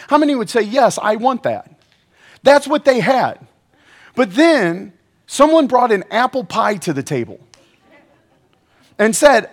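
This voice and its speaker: A man preaching a sermon to a live audience, energetic and joking, often asking the crowd questions. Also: very high-pitched, a little slow, long pauses. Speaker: pastor.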